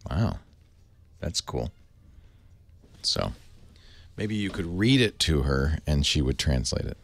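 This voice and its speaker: A man's voice: very deep voice, sing-song, slow pace, vocal fry. A man hosting a tech call-in radio show, talking casually and joking, with frequent laughs. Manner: playful, joking, laughs often.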